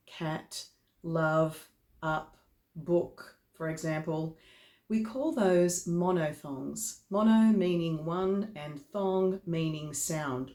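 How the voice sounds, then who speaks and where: A woman vocal coach explaining pronunciation, demonstrating example words slowly one at a time. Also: fairly low pitch, warm tone, roomy sound. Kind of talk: instructional explanation.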